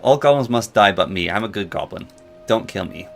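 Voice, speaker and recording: A man's voice: lowish voice, expressive, brisk, gravelly. A man voicing a pleading, greedy little male goblin that stammers as it begs not to be killed.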